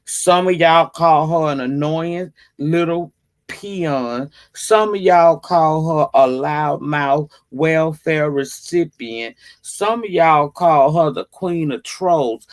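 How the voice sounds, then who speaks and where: Slow-talking woman hosting a livestream. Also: low voice. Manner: chatty and profane, greeting viewers by name; slow, drawn-out delivery. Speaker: livestream host. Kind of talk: casual livestream chat.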